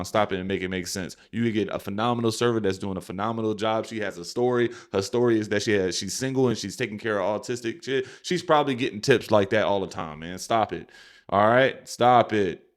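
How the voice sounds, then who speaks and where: A man's voice: mid-range voice, fairly bright tone. A man hosting a reaction show, talking in an emphatic, slangy, exasperated way. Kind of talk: casual reaction commentary.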